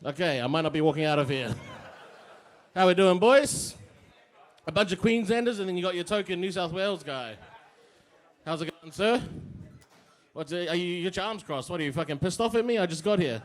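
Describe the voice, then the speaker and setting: A man's voice: high-pitched, animated, normal speed, long pauses. A young man performing a crude, self-mocking stand-up set on a pub stage. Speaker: stand-up comedian.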